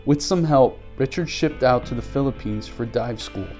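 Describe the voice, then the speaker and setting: Mellow-voiced male news narrator. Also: mid-range voice, normal speed, soft background music. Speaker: news reporter.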